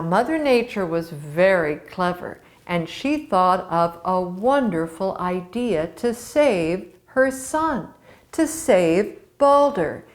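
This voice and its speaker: A woman storyteller telling a myth to children in a slow, expressive way. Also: mid-range voice.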